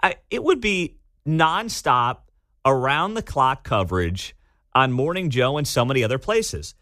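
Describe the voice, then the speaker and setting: A man's voice: mid-range voice, sing-song, unhurried, pushed and bright, no room sound. A man hosting a talk radio show, giving sarcastic, incredulous commentary and taking calls. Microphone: studio microphone. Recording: dry studio sound.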